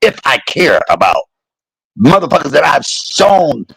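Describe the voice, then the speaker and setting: A man in his fifties rants to his viewers in a gravelly voice. His pitch swings widely and his words come out husky, heated and full of curses, and he hammers the same points again and again. The sound is close and dry. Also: big pitch swings, a little slow, a bit bright, no room sound, poor audio. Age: 50s. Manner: heated, cursing, repeats points for emphasis. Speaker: vlogger. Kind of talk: angry profane rant to camera.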